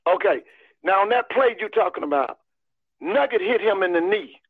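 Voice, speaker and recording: A man's voice: high-pitched, animated, normal speed, slightly rough, no echo. A man, calling in to a live sports show, talking emphatically and repeating his points in folksy terms. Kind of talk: casual sports talk. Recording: tinny phone line.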